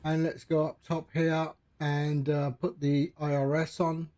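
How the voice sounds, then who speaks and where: While setting up a flight simulator on a live stream, a man chats with viewers in a relaxed, rambling way. His voice is fairly high and a little slow.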